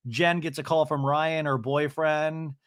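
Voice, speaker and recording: A man hosts a podcast, rambling through a comedic reality-TV recap. His voice sits a little higher than most men's, and his delivery is loose and chatty, full of fillers and restarts. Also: flat delivery, unhurried. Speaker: podcast host.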